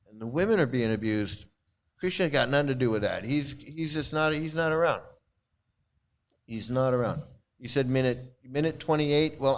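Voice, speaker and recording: A man hosting a casual video commentary, talking in an animated, repetitive, indignant way. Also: medium pitch. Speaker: host.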